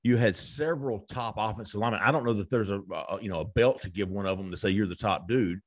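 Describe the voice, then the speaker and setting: A man's voice: lowish voice, quick pace. A man hosting a casual sports recruiting chat, telling stories with lots of stammered restarts. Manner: stammering restarts, animated storytelling. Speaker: podcast host.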